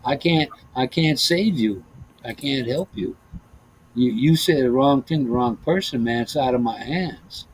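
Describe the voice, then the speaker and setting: A low-quality recording with a little hiss or hum carries a medium-pitched male voice at a measured pace. The speaker, a former bus driver turned podcast host, chats loosely and tells laughing, foul-mouthed bus stories full of restarts.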